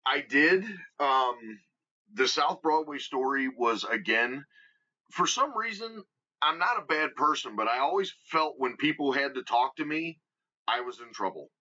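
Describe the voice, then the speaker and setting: A man with a Midwestern American accent, guest on a podcast, telling stories in an animated, emphatic way and acting out what others said. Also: mid-range voice, a little slow. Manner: animated storyteller, emphatic, acts out quotes. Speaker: guest wrestler. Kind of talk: casual storytelling interview. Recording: dull lo-fi podcast audio.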